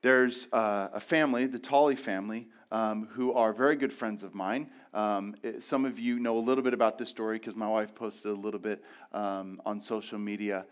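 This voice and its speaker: A man's voice: on the low side, steady tone, smooth. Middle-aged pastor guy preaching, chatty, stumbles and restarts, jokes at his own expense. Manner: swings from loud, fast bursts to soft, slow pleading; conversational, with restarts and self-deprecating asides. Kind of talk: sermon.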